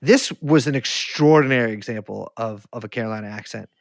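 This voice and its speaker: A man's voice: mid-range voice, a little fast, creaky, dry recording, studio quality. A man co-hosting a podcast, telling rambling, profane, jokey stories in casual chat. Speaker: podcast co-host.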